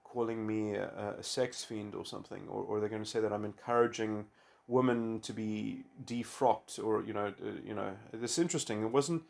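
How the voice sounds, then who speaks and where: Halting, rambling man musing aloud. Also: on the low side, vocal fry, a little mellow. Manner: halting, full of restarts and "you know". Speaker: video essayist. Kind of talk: rambling philosophical monologue.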